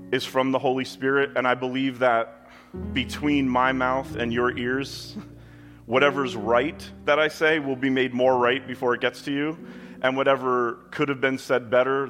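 A man preaching a sermon in a conversational style, with emphatic asides to the congregation. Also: medium pitch. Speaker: pastor. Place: church with kids in the room.

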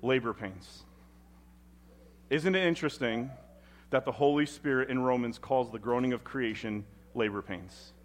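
A man preaching a sermon as pastor at a church service, expressive and emphatic. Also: medium pitch, normal speed.

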